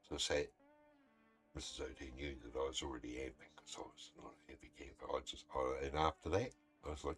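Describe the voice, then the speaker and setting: A man's voice: extremely low pitch, steady tone, fairly quick, creaky, fairly bright tone, slightly rough, faint music behind. A man, a gaming streamer casually telling a story in a blunt, swearing, heated way. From New Zealand.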